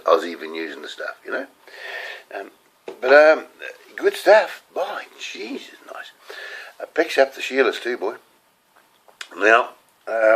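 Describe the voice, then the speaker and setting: A man's voice: medium pitch, a bit bright, husky, rough recording. An older man with a New Zealand accent, rambling through casual stories to the camera in a chatty, digressive way. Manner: chatty, digressive, laughing at his own stories. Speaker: home video host.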